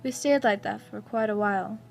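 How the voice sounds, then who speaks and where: A woman narrating a first-person fan fiction story in a soft, even reading voice. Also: medium pitch, a little fast, creaky, soft background music. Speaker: story reader.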